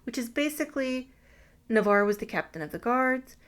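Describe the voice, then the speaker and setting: A woman's voice: a little high, lively intonation, moderate pace, clear, resonant tone. A woman co-hosting a podcast, recapping a movie plot in casual chat with wry, crude asides. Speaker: podcast co-host.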